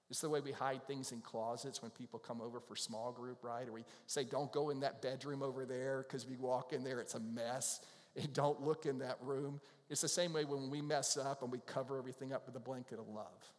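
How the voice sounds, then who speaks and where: A man preaching a sermon as a pastor, animated and acting out quotes with little laughs. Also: medium pitch, a little fast, big-room sound. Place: church.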